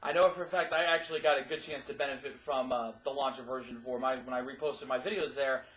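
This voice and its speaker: A man's voice: medium pitch, steady tone, fast talker, fairly bright tone, roomy sound. A man acting as interviewer, asking casual questions in an eager, upbeat way.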